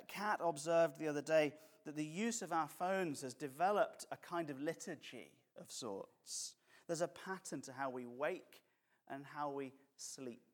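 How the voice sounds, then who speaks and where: A man preaching a conversational sermon as pastor, mixing jokes and acted quotes. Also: fairly high pitch.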